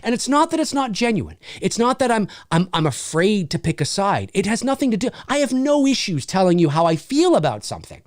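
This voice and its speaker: A man's voice: high-pitched, big pitch swings, brisk, few pauses, no room sound, clean studio sound. A man hosting a casual livestream Q&A, reading viewer comments aloud, swearing freely and laughing often. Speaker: channel host answering viewer questions.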